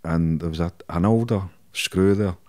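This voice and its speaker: A man's voice: sits low, normal speed, a little mellow. A middle-aged Scottish man telling stories in a casual interview, swearing often and laughing through his anecdotes. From Scotland. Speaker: podcast guest.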